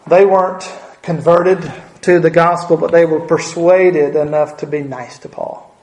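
A man delivers a sermon in a church sanctuary, his voice sitting a little high. He speaks earnestly, repeating key phrases for emphasis and dropping in folksy asides. The sound carries a roomy church echo. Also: steady tone, measured pace, a little mellow, a little hiss or hum. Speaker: preacher.

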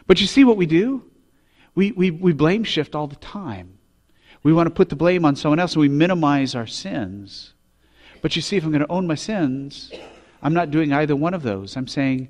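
Preaching man with a higher voice. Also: moderate pace. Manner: preaching with rising intensity, rhetorical questions. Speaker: pastor. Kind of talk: sermon.

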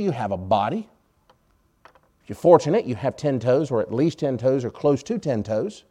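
Man preaching a conversational sermon. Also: medium pitch. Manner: conversational, rhetorical questions, wry sarcasm, volume swings. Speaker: pastor.

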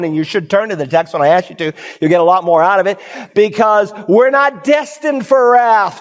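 A male pastor delivers an animated sermon, his voice pitched high for a man. He tells stories and acts out bewildered churchgoers. The sound carries a long reverb from a large hall.

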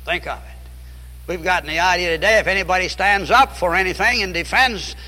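A man's voice: high voice, brisk, sharp tone, long reverb tail, low-quality recording. A man preaching a fiery sermon, emphatic and repeating key phrases.

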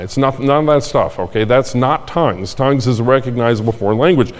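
Older male pastor, chatty sermon, mid-pitched voice, long hall reverb. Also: brisk, few pauses. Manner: conversational preaching with asides and repeated phrases.

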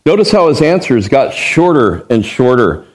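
A man's voice: medium pitch, big pitch swings, moderate pace. Emphatic male preacher teaching scripture. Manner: emphatic, asks rhetorical questions, acts out the quotes he reads. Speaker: pastor. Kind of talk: expository Bible sermon.

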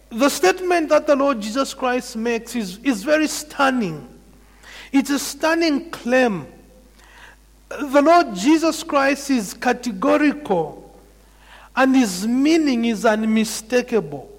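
A man preaching a sermon in a measured, emphatic way, repeating key phrases for weight. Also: extremely high pitch, animated. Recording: long hall reverb.

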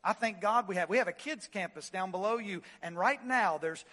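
High-voiced preacher man, fiery swings. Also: normal speed. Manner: impassioned preaching, swings from loud highs to low quiet asides; repeats phrases for emphasis, "listen" and "y'all". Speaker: pastor. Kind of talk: sermon. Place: church sanctuary.

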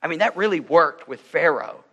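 A man's voice: on the high side, animated, normal speed, fairly bright tone, slightly rough, dull audio, exaggerated voice. A man preaching voices Moses as a casual old prophet making offhand suggestions, in a reverberant hall.

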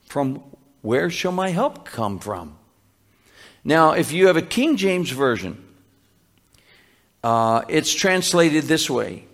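Preacher guy going slow thru a psalm, fairly high voice, stops and restarts a lot. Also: big pitch swings, a bit bright. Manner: unhurried, teaching, with restarts and emphatic slowed quotes. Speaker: pastor. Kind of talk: sermon.

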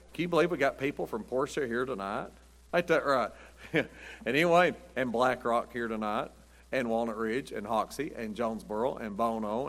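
A man preaches a folksy Wednesday night sermon as pastor, chuckling through down-home stories. His voice is medium-pitched and a bit bright, recorded in a church sanctuary with long reverb.

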